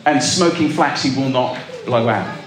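A man's voice: mid-range voice, moderate pace, roomy sound. A male pastor preaching a sermon to a congregation, emphatic and calling out to the listeners. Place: church with a live congregation.

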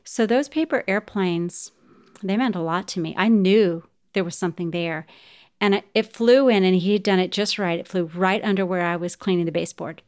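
A woman's voice: fairly low pitch, moderate pace, darkish tone. A middle-aged woman hosting a podcast, telling a personal story in a heartfelt way and speaking straight to her listeners. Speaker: podcast host.

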